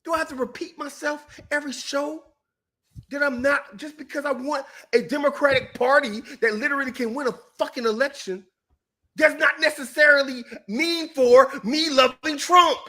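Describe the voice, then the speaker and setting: High, bright-voiced man ranting angrily. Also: fairly even intonation, moderate pace. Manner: angry, profane, shouting at times. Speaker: co-host. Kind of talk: heated political rant.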